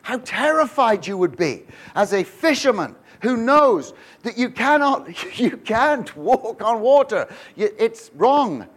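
A man's voice: very high-pitched, very animated, takes it slowly, hardly any pauses, a bit bright. A man preaching a humorous sermon, telling stories with jokes, rhetorical questions and frequent restarts. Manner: storytelling, joking, many restarts and rhetorical questions. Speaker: pastor.

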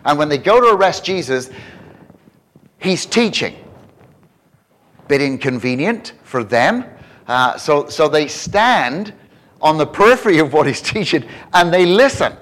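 Animated male preacher, slightly high voice. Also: a little slow. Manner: animated, repeats words and restarts, rising to emphatic questions. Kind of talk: sermon.

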